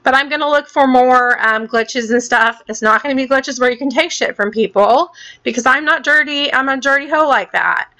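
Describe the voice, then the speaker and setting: Heated, bright-voiced woman ranting. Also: high voice, normal speed. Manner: heated, swearing, repeats herself. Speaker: gaming channel host. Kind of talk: angry ranting vlog.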